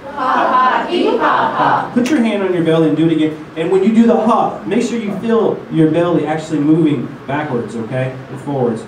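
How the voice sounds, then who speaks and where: A man leads a lesson, coaching his students and having them repeat sounds after him. His voice sits a bit high for a man. The sound is roomy and heard from some distance off the mic, with faint noise behind. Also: brisk, hardly any pauses, mellow. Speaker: didgeridoo teacher. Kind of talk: instructional lesson.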